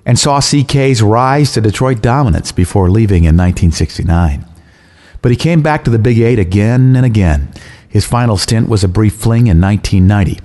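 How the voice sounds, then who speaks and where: A man presenting a radio show in a measured announcer delivery. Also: on the low side, dark tone. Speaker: radio host.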